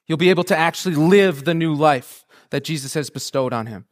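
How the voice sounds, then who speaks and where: Man, high voice, sermon, chatty and humorous, fervent crescendos. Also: a little fast. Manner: conversational and humorous, building to a rousing fervent prayer. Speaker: preacher.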